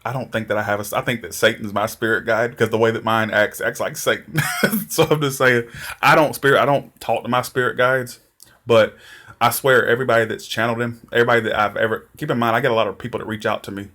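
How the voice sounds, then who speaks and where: A man's voice: medium pitch, steady tone, fast, bright, forceful tone. Rambling man chatting with viewers. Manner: rambling, laughs often, many restarts. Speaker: tarot reader answering viewer comments. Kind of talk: casual livestream chat.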